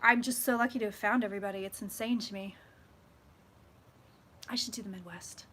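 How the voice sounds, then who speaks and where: A woman chatting casually with her viewers on a live stream, swearing freely and swinging loud and soft as she talks. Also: medium pitch, steady tone, brisk. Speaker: psychic vlogger hosting a live stream.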